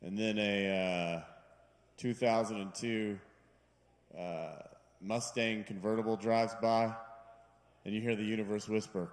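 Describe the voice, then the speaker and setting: A man's voice: lowish voice, fairly even intonation, normal speed. A man doing a self-deprecating, rambling stand-up set on a bar stage, putting on voices for his jokes. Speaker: stand-up comedian. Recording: live room with long reverb.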